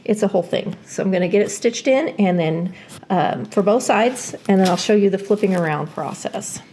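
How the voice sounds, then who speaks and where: A woman's voice: mid-range voice, lively intonation, moderate pace, warm tone, a little hiss or hum. A woman hosting a casual sewing tutorial from her home sewing room, chatty and self-deprecating, with plenty of fillers. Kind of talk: casual step-by-step sewing demonstration.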